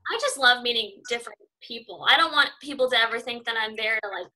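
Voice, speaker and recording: Young woman from California, reporter guest; bright, fairly high voice, chatty and upbeat with lots of fillers. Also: quick pace, poor audio. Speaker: news reporter, interview guest. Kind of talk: casual interview chat.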